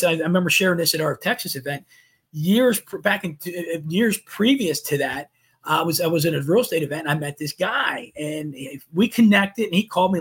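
Husky-voiced man telling a story. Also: a little high. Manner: animated storyteller, voicing his own past thoughts. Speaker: podcast guest. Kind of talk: storytelling in a podcast interview.

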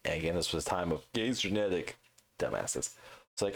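Speaking fairly quickly in a low, expressive voice, a man in his thirties co-hosts a podcast. His casual chat turns into profane rants, and he acts out the words of the people he's quoting.

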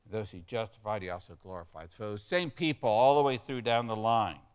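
A man's voice: lowish voice, lively intonation, a little fast, clean tone. Man preaching an emphatic sermon. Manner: emphatic, leads the congregation in call-and-response. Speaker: pastor.

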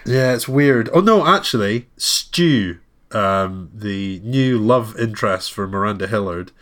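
A man's voice: on the low side, expressive, a little slow, a bit bright. A man co-hosting a casual film review chat, talking freely with frequent laughs and ums. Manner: chatty, laughs often, many ums. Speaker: podcast co-host.

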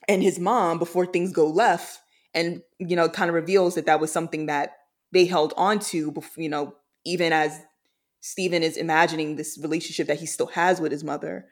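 A podcast co-host talking casually about a TV series, halting and full of fillers, clearly moved. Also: mid-range voice, level tone. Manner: halting, filler-heavy, emotional.

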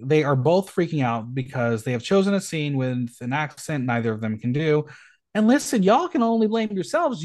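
A man hosts a recap podcast with campy, gossipy asides. His voice sits a touch high and swings widely in pitch. He talks casually. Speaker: podcast host recapping a reality show. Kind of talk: casual chat.

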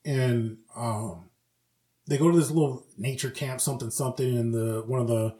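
A man's voice: medium pitch, moderate pace, mellow. A man co-hosting a podcast who tells stories casually, swears freely and acts out the characters he quotes. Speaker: podcast co-host. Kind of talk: casual chat. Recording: echoey room.

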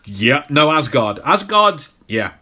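A man's voice: mid-range voice, moderate pace, a bit bright. A man co-hosting a podcast, talking casually about a film with jokes and plenty of restarts. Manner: rambling, jokey, many restarts. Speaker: podcast co-host.

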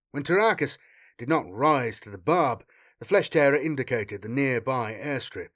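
Guy reading a war audiobook, lively pitch, dramatic delivery. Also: moderate pace. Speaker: audiobook narrator. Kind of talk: scripted narration.

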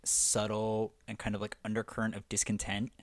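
A man's voice: lowish voice, monotone, normal speed, dry recording. A man co-hosting a podcast in casual chat, rambling and enthusiastic, with lots of "like" fillers. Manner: chatty, heavy use of "like", enthusiastic. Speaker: podcast co-host.

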